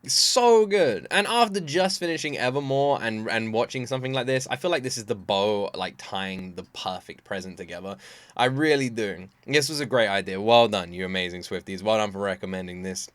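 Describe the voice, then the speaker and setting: A man hosting a casual reaction video, excitable and laughing often, with rambling restarts. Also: lowish voice, fairly quick, no room sound. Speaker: reaction channel host.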